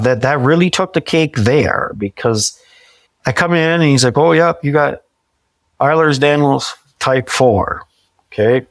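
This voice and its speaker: This man, a podcast guest in his forties, has a mid-range, slightly bright voice on a dry recording with no room sound. Telling stories in a conversational way, he brings quoted lines to life while frequently restarting and repeating himself.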